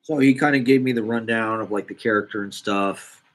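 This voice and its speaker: A young man with a slightly low voice, talking casually in a rambling monologue. He swears freely and pokes fun at himself. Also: fairly quick. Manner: rambling, profane, self-deprecating.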